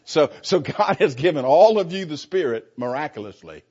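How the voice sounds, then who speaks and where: A man's voice: on the high side, sing-song, normal speed, darkish tone, breathy edge, muffled recording. A man preaching informally to a Bible class, sarcastic and chuckling, speaking straight to the people in the room.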